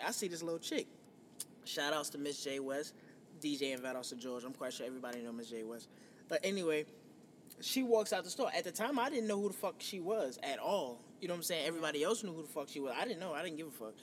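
A man in his thirties from New York, hosting a casual podcast and telling a profane, animated story. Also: on the high side, quick pace, in a large hall, a little hiss or hum. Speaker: podcast host.

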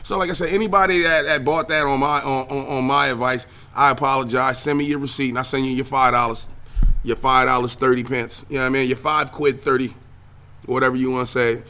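Briskly and in a mid-range voice, a young man hosting his own podcast rants about video games and the news. He's a streamer too, and his casual solo talk is animated, profane, and heavy with trailing fillers.

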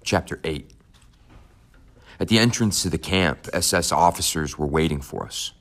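A man with an extremely deep voice narrates an audiobook written in the first person. His scripted reading is measured, somber, unhurried and steady.

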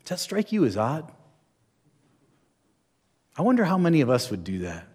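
Slightly high-voiced male preacher. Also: huge pitch swings, normal speed, darkish tone, husky. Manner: storytelling with rhetorical questions to the audience. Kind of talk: sermon.

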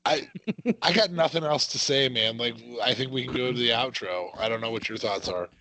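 A man's voice: mid-range voice, brisk, pushed and bright. A man co-hosting a casual wrestling watch-along podcast, reacting with exclamations. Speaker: podcast co-host.

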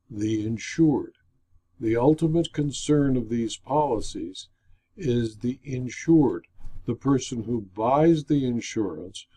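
A man lectures in a slow, unhurried cadence. His voice is mellow and warm, and he reads formal explanatory material in a measured, deliberate style. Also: mid-range voice. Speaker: insurance claims consultant.

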